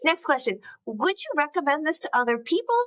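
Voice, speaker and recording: Chatty woman podcast host, fairly high voice. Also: lively intonation, fairly bright tone, dry recording, low-quality recording. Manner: chatty, quick jokes, asks set questions. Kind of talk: casual chat about a film.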